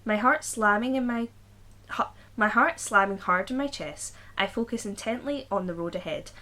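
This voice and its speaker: A woman reading a silly story aloud on a podcast in a mid-pitched voice. She reads the narration plainly, then drops into loose, joking chat and laughter. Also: normal speed, bright, forceful tone.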